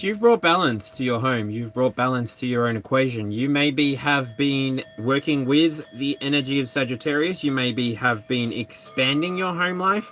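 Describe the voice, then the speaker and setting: A tarot reader with an Australian accent hosting a casual live energy reading. The talk is relaxed and chatty, and speaks straight to the viewer. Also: mid-range voice, a little hiss or hum.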